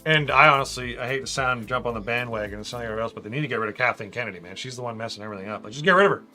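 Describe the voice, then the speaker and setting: Casual male streamer, bright forward tone, laid-back chat with faint music underneath. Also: medium pitch, rapid-fire. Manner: chatty, reads out viewer comments, says "man" a lot. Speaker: livestream host building a brick model.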